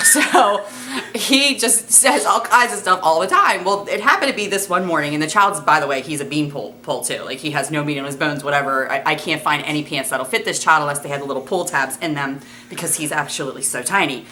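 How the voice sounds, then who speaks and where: A woman in her thirties, a mother telling a comic story with blunt, animated delivery and some swearing. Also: sits low, a little fast, a little hiss or hum. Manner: animated, blunt, swears freely, laughs a lot.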